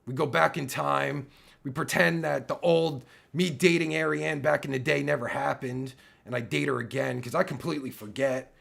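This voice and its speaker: A man's voice: medium pitch, fairly even intonation, moderate pace, vocal fry, a bit bright. A man in his forties ranting loosely to his audience with heavy swearing, often breaking off mid-sentence, his voice getting worn. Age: 40s. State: losing his voice. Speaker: online video creator. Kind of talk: profane rant to camera.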